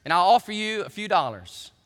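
A man's voice: high-pitched, big pitch swings, a little fast, a bit bright, big-room sound. A man voicing a condescending wealthy woman who gives curt orders. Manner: curt and commanding.

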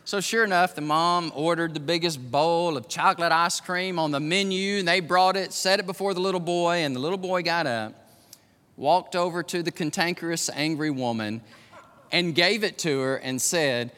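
Fifty-something preacher guy, really animated, acts out voices, big echoey church sound. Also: high-pitched, normal speed. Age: 50s. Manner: animated storytelling, acts out voices, laughs often. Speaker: pastor. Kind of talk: sermon.

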